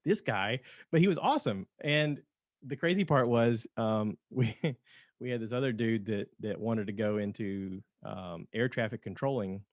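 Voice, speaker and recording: A man's voice: lowish voice, normal speed, dry recording. A man from North Georgia hosting a podcast in casual chat, laughing often and drifting into tangents. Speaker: podcast host.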